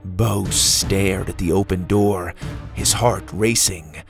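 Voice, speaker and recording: A man narrating a children's adventure story in an animated storytelling manner, with faint music behind him. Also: slow, vocal fry. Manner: animated storytelling, voicing characters in raised pitch.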